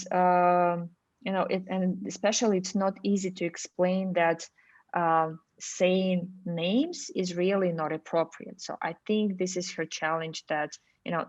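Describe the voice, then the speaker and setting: A woman's voice: lowish voice, dry recording. A woman hosting an interview, framing questions hesitantly with many fillers. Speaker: host. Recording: dry, dull lo-fi sound.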